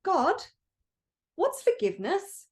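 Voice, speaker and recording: Brief: excitable little male spirit of light, chattering and childlike, very high voice, put on by a woman. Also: takes it slowly, heavily acted. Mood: curious.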